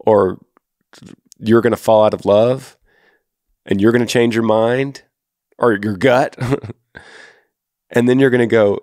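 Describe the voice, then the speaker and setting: A man's voice: medium pitch, steady tone, slow pace, long pauses, a little mellow, dry recording, clean studio sound. A man in his thirties with a Texan accent, hosting a faith-based advice podcast and speaking earnestly and directly to a listener. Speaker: podcast host.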